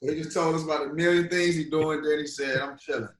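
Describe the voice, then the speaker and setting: A man co-hosting a casual interview, relaxed and affirming, with many fillers. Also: fairly high pitch, fast talker. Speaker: co-host. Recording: echoey room.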